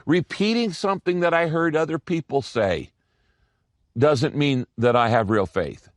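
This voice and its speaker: Lively emphatic male pastor preaching. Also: on the high side, unhurried, no echo, clean studio sound. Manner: lively, emphatic preaching with repeated key phrases. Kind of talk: sermon.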